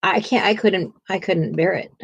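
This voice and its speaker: A woman's voice: on the low side, normal speed, gravelly, breathy edge, dry recording. A woman co-hosting a live coloring stream in casual chat, asking viewers questions and laughing often.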